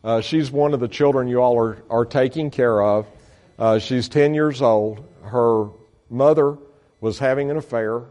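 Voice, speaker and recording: A man's voice: mid-range voice, mellow. Folksy, earnest male missionary. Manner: folksy and earnest, many fillers and restarts. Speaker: missionary reporting to supporters. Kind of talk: slide-show talk to a congregation.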